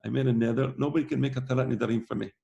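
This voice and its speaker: A man's voice: mid-range voice, steady tone, rapid-fire, vocal fry, warm tone, muffled recording, natural voice. A man voicing a stubborn male visitor who pleads insistently for help. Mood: pleading.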